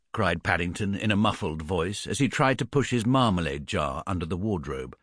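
Male audiobook narrator, low voice, lively expressive reading. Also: moderate pace, hardly any pauses, dry recording, clean studio sound. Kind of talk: scripted storybook narration.

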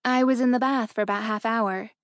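A woman voicing a soft, hurt young fiancée. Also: a little high, steady tone, brisk, no room sound, clean studio sound, lightly acted. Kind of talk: audiobook character reading.

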